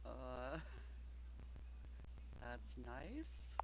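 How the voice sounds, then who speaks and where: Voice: mid-range voice, very animated, very slow, very noisy, full character voice. A wry, sarcastic player character in a video game, sounding unimpressed. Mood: awkward.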